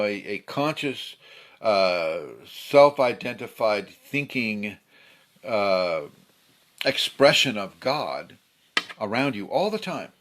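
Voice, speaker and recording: A man giving a casual spiritual talk, slightly hoarse, who acts out angry people with sudden shouts. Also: medium pitch. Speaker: spiritual teacher. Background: a pet bird fluttering.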